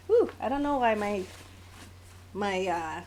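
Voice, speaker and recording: A woman's voice: mid-range voice, animated, slow, darkish tone. A woman in her forties with an American accent, chatting casually on a live stream as a graphic novelist, with a scratchy throat and frequent fillers. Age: 40s.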